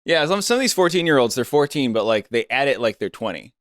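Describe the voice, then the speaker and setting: A man's voice: medium pitch, very animated, fast talker, fairly bright tone, dry recording, clean studio sound. A man hosting a podcast, asking questions in a teasing, joking way. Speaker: podcast host. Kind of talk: casual podcast banter.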